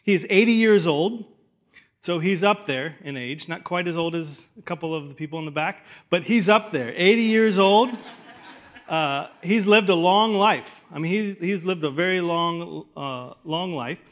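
A man preaching a sermon in a conversational way, restarting phrases and dropping to a hush for weight. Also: high voice, moderate pace. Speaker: pastor.

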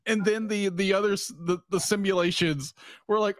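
A man's voice: high voice, fairly even intonation, moderate pace, no room sound, studio quality. A man co-hosting a casual podcast, rambling with many restarts and frequent laughs. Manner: rambling, stumbles and restarts often, laughs a lot. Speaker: podcast co-host. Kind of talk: casual chat.

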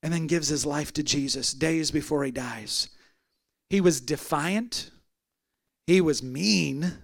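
A man's voice: on the high side, takes it slowly, creaky, dry recording. A man pastor preaching a sermon, emphatic, building through repeated phrases.

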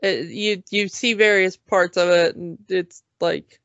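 A lower-voiced woman in a casual podcast chat who talks very slowly and haltingly, with many fillers. The recording is dull and lo-fi, with a dry, close sound. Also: fairly even intonation, fairly bright tone, no echo. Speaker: podcast co-host.

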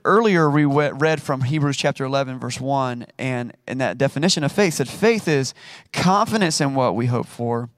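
A man's voice: a little high, no echo, studio quality. A married man giving a casual, conversational sermon, acting out quotes with playful asides. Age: adult, married. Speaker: preacher.

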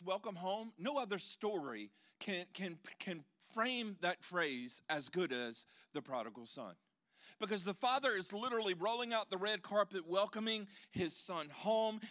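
A pastor with a high voice preaches a sermon, his animated delivery swinging from loud proclamation to hushed tones. He tosses in joking asides to the congregation.

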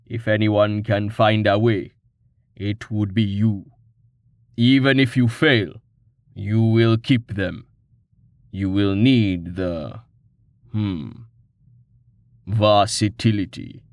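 A man voicing a gruff, stoic smith who speaks in slow, terse, rumbling sentences. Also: no room sound, studio quality. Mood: stern. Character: gruff stoic male smith, large and older.

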